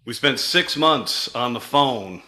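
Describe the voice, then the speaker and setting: A man's voice: mid-range voice, lively intonation, slow, pushed and bright. A middle-aged man, a company CEO, telling his founding story in a vivid presentation that acts out quoted dialogue.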